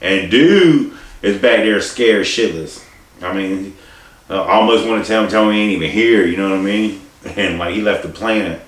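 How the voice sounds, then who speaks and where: A man's voice: fairly low pitch, moderate pace. A man telling a story in a casual, rambling, profane way, with many restarts and asides. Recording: echoey room, distant mic, faint hiss.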